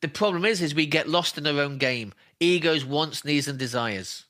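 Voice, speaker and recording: A spiritual healer, appearing as an interview guest, shares emotional personal stories in a man's voice that sits on the high side. His pace is moderate and his tone bright and forceful. He speaks earnestly and emphatically, often repeating himself for stress.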